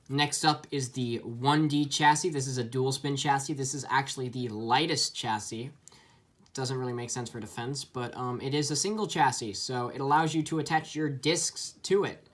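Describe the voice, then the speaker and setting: Man, casual toy review, chatty, lots of ums, average pitch. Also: fairly bright tone.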